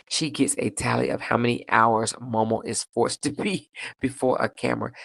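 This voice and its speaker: Woman livestream host, gravelly fry in her voice, sassy chat, very dry close sound. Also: no room sound. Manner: animated, sassy, laughs often, pitch jumps high for emphasis. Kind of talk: casual livestream chat reading comments.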